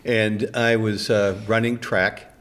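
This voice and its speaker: A man's voice: lowish voice, flat delivery, slow pace, fairly bright tone. An older man, a community theater actor, telling stories in a casual chat and laughing often.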